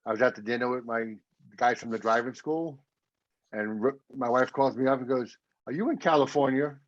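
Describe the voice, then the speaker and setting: A man's voice: medium pitch, steady tone, moderate pace, muffled recording. A married man co-hosting a podcast, telling blunt stories in casual chat. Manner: blunt storyteller, acts out phone calls. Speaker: podcast co-host.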